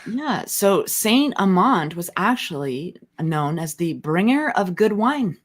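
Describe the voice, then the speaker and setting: A woman in her forties co-hosting a casual spiritual talk show, playful and quick to laugh. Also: fairly low pitch, big pitch swings. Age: 40s. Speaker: co-host, spiritual leader. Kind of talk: casual chat.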